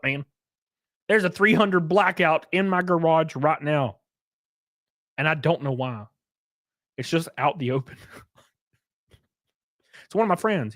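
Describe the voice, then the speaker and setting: A man's voice: fairly high pitch, no room sound, clean studio sound. A man hosting a casual commentary stream, ranting sarcastically and swearing freely. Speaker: streamer host.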